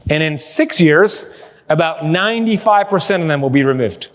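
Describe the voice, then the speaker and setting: A somewhat high-voiced man delivers a lively keynote to a live crowd, mixing jokes into his storytelling. His voice rings out with the long reverb of a big hall. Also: moderate pace. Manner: energetic, joking storyteller. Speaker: keynote speaker. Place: large hall with live audience.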